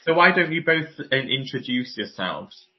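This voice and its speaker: A man with a trained baritone voice teaches as a podcast guest, breaking into sung vowels and mock tones to show his points. His pitch sits in an ordinary male middle, and the recording has a dull, lo-fi sound. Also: sing-song, normal speed. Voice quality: classical baritone. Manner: demonstrates vocal exercises and tones while explaining. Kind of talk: explanatory podcast interview.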